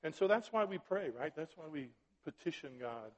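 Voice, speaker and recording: This pastor's sermon is chatty and animated, his fairly high voice moving at a normal speed as he frequently asks "right?" and "are you with me?" The audio is dull and washed in long hall reverb.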